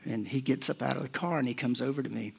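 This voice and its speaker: A pastor, a man in his forties or older, preaching a sermon and telling personal stories, swinging between hushed and loud moments. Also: mid-range voice, quick pace, gravelly, breathy edge. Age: 40s or older.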